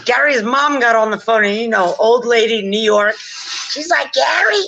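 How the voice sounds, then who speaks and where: A woman on a casual chat stream, telling stories in an animated way and acting out quotes. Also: a little high, normal speed, dull audio, slight background noise. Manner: animated, laughing, acts out quotes.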